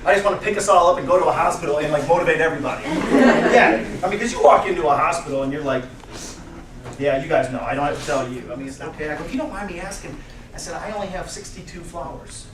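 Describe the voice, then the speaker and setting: Energetic man speaking in an echoey hall. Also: on the high side, quick pace. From United States. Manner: energetic, acts out dialogue in voices. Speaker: motivational speaker. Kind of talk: motivational keynote speech. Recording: echoey room from far off, noisy.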